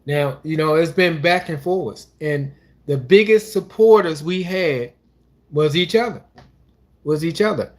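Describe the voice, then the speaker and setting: A man's voice: on the high side, unhurried. A man co-hosting a couples channel, talking casually and rambling about his life, with restarts and religious asides. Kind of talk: casual personal talk.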